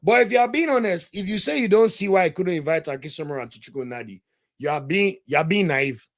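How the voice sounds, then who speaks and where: A man's voice: high voice, quick pace. A young man hosting a football podcast livestream, reading viewer comments and ranting with indignant energy. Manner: animated, indignant, ranting with laughs. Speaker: podcast host.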